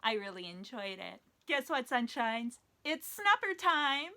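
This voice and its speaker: A woman hosting a children's story time, speaking in an animated, sing-song way that encourages the children. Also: a little high, a little slow, heavy background noise.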